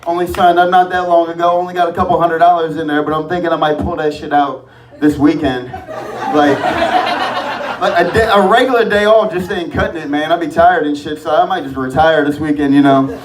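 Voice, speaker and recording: A man's voice: a little high, fairly even intonation, fairly quick. A man doing a profane, rambling open-mic stand-up set on a comedy club stage. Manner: profane, rambling, loose delivery. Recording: echoey club from far off, crowd laughter.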